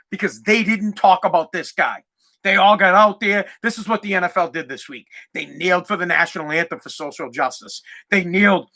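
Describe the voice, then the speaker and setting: A man hosts his own podcast and rants alone at the mic. His voice is bright and cutting, and he keeps circling back over the same points. He swears often and rises into shouts when his outrage boils over. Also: high-pitched. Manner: heated, profane, repeats himself, shouts at times. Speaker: podcast host. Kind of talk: angry solo rant.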